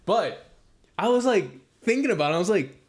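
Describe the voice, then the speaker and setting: Young male podcast co-host, a bit high-voiced, rambling casual storyteller. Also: very animated, a little fast. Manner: rambling storytelling, heavy use of "like"; acts out quoted speech with raised pitch. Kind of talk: casual chat.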